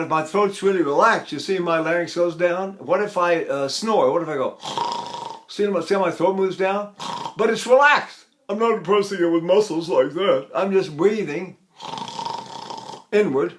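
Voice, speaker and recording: An older man gives a lecture on vocal technique, animated and demonstrative, breaking into sung examples as he explains. His voice sits high and he keeps a moderate pace.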